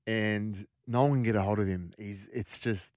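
An Australian man hosting a podcast, telling sports anecdotes in a lively, animated way. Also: fairly low pitch, moderate pace, no echo, clean studio sound. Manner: animated anecdote teller, mimics voices. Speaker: podcast host. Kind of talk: casual storytelling chat.

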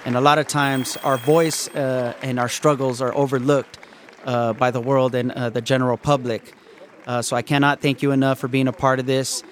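A man's voice: mid-range voice, level tone, normal speed. A man hosting a mock telethon, earnest and peppered with "uh.". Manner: earnest, with frequent "uh". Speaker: host.

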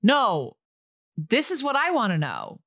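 A woman co-hosting a podcast, chatting casually with quick questions and easy laughter. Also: fairly high pitch, huge pitch swings, fairly bright tone, dry recording, clean studio sound. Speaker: podcast co-host. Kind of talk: casual recap chat.

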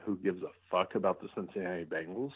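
A man co-hosts a casual sports podcast with a blunt, teasing edge and easy swearing. His voice is slightly low and dry. The whole thing comes through a narrow, phone-like band. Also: quick pace, breathy edge, no room sound. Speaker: podcast co-host. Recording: tinny phone-line sound.

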